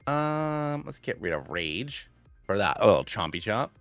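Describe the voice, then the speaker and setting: Mężczyzna około trzydziestki, streamer, mówi swobodnie i chaotycznie, z mnóstwem wtrąceń. Ma dość niski głos, ale bardzo żywą intonację. Nagranie z mikrofonu przy biurku jest suche, a w tle cicho gra muzyka z gry. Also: male voice, fairly low pitch, sing-song, slow, a bit bright, dry recording, soft background music. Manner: rambling, filler-heavy, self-deprecating. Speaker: gaming streamer. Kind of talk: casual live-stream chat.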